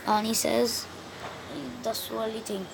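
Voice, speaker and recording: A woman with a fairly high voice chats casually through a gaming video, rambling and often losing her thread. A faint hiss of noise sits under her voice. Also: monotone, slow pace, creaky. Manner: rambling, many restarts, loses track of the story. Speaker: gaming channel host. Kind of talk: casual gaming commentary and story retelling.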